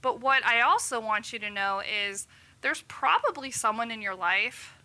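A woman's voice: a little high, lively intonation, normal speed, bright, forceful tone. A woman in her thirties, a physician, chatting casually and acting out quotes as she tells a story. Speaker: physician guest. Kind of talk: casual podcast chat.

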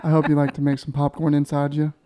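A man putting on a smooth, seductive show-host voice in a comic improvised bit, with a slow and suggestive delivery. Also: a little high, completely flat delivery, very noisy, voice pushed down, lightly acted. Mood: sultry.

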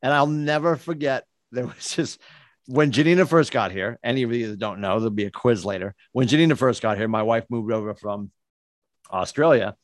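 A man's voice: medium pitch, a little fast, no echo. Rambling man on a podcast. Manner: rambling, tangents and filler words. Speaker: podcast co-host. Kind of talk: casual sports chat. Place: home studio room. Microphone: studio podcast mic.

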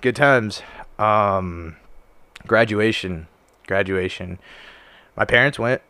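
A young man with a lowish, bright, forceful voice speaks slowly on a podcast, recorded clean with no echo. His casual chat is laid-back storytelling loaded with swearing and fillers.

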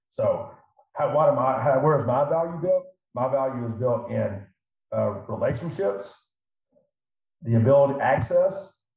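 Middle-aged advisor guy chatting, mellow low-key tone, lots of room echo. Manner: animated, acts out clients' voices. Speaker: financial advisor. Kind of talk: casual podcast talk. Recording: very echoey room.

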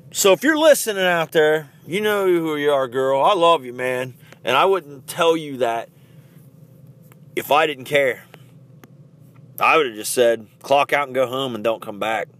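Man, middle-aged, fairly high voice, blunt motivational podcast talk, vehicle sound behind. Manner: blunt, forceful and preachy, with swings in pitch and loudness. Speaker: podcast host.

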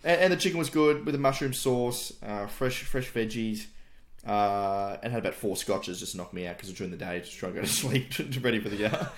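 Brief: male co-host, relaxed and easygoing, pitched a bit low. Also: a little fast. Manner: laid-back, laughing banter. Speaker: podcast co-host. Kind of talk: casual chat.

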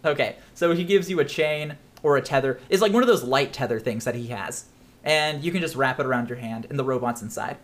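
A man's voice: medium pitch, a little fast. A man narrating as game master of a tabletop game, chatty and rambling with frequent laughs.

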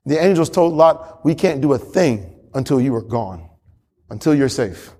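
A man's voice: mid-range voice, lively intonation, normal speed, mellow, breathy edge. A male pastor preaching a sermon with emphatic repetition and frequent chuckles. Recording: long hall reverb.

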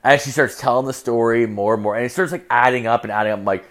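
A young man ranting his way through a story in a crude, profane style. He rambles and leans hard on filler words as he goes. His voice sits in an ordinary middle pitch. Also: quick pace, fairly bright tone.

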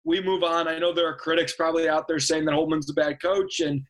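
Rambling higher-voiced man on a sports podcast. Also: little pitch movement, fast, a bit bright. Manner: rambling, filler-heavy, many restarts. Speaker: podcast co-host. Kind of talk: casual sports chat.

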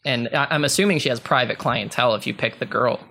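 A man's voice: medium pitch, fast talker, sharp tone. A man in casual podcast chat, blunt and crude, swearing freely as he gives his opinions. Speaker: podcast co-host.

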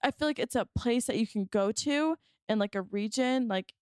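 A woman's voice: a little high, normal speed, darkish tone, clean tone, no room sound. Podcast co-host, woman, loose rambling chat with lots of fillers, dry close sound. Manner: rambling, hesitant, many fillers and restarts. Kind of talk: casual chat.

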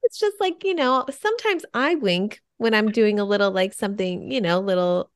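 A woman's voice: medium pitch, lively intonation, normal speed, clear, resonant tone, no echo. Chatty woman host, dry sound. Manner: chatty, laughs a lot. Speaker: podcast host. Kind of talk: casual interview chat.

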